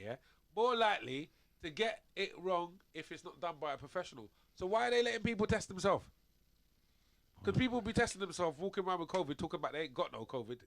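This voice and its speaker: A man's voice: a little high, creaky, fairly bright tone. A male radio sports show host, rambling in slangy studio banter and laughing often as he tells stories.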